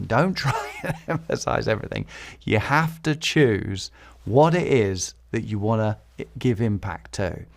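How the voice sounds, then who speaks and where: A man's voice: medium pitch, creaky. A man hosting a podcast and teaching public speaking, repeating key phrases for emphasis and chuckling between points. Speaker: podcast host.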